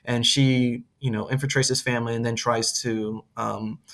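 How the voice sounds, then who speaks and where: A man's voice: mid-range voice, level tone, normal speed, fairly bright tone. Male podcast co-host, casual and rambling, plain mid-range voice. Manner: rambling, many restarts and acted-out quotes. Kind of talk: casual chat.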